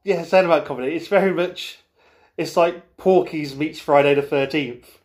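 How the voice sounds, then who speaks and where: Wry man tossing in jokes, slightly high voice. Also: moderate pace, a little mellow. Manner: wry, quips and comparisons. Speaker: podcast co-host. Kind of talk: casual film review chat.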